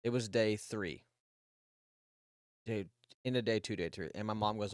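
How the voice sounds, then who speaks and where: A podcast co-host in his thirties tells a long personal story in a rambling, casual way, swearing freely and often restarting his sentences. His voice is on the low side and unhurried, with long pauses, in a dry, clean studio recording.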